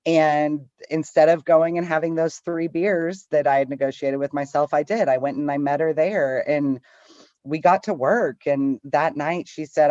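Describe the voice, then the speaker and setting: A woman's voice: low voice, normal speed, no echo, muffled recording. A woman telling her recovery story in a conversational way, acting out the voices she quotes. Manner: animated, acts out quoted voices. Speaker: guest sharing a recovery story.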